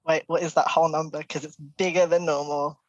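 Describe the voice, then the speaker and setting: A woman's voice: low voice, level tone, fairly quick, no echo, lo-fi sound. A woman playing a tabletop game, easygoing and often laughing. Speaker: player.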